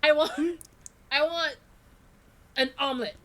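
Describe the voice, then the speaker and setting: A woman voicing a grumpy passenger in a tabletop role-play game, muttering quietly. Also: high voice, a little slow. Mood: grumbling.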